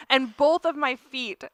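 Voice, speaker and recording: An animated woman tells a story on a podcast, laughing often. Her voice is bright and crisp, a little high, and the recording is dry and close. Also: dry recording. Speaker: podcast co-host. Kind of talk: casual chat.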